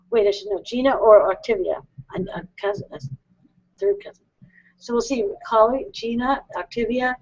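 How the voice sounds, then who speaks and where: A woman's voice: a little high, moderate pace. A woman hosting a call-in psychic show, rambling and self-deprecating, laughing often as she talks. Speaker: psychic radio host. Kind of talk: casual call-in show chat. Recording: dull lo-fi web broadcast.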